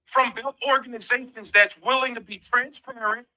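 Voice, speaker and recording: Bright-voiced man co-hosting a stream. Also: very high-pitched, fairly even intonation, normal speed, poor audio. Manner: earnest, formal when introducing a guest. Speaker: live stream co-host and interviewer. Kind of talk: casual interview on live stream.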